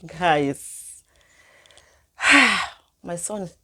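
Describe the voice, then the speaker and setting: Animated woman vlogger telling her story. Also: mid-range voice, moderate pace. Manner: animated, emotional retelling with frequent laughs and sighs; speaks non-standard English. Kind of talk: personal storytelling to camera.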